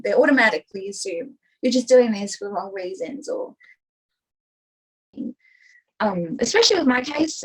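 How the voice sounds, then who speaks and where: A woman's voice: on the high side, husky, rough recording. A young adult woman talking openly as a podcast guest, rambling and filling her talk with "like" and "you know". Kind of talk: casual interview chat.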